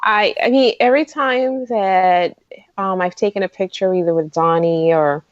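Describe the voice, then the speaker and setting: A woman guest co-hosting a fan podcast, excitable and rambling in casual chat. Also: mid-range voice, no room sound, lo-fi sound. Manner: excitable, rambling, talks fast when excited. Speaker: guest co-host.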